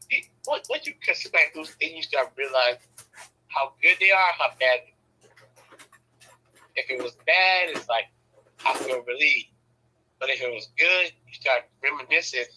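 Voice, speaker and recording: In a casual conversation, a man with a husky yet bright voice tells stories, laughing often and acting out quoted lines with sudden high shouts. His speech is loose, everyday and profane, and the recording is rough.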